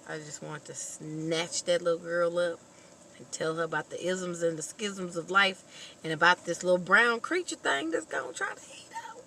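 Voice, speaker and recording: A woman vlogger casually retelling a movie plot in an animated, expressive storytelling manner. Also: fairly low pitch, unhurried, pauses often, a little hiss or hum, low-quality recording.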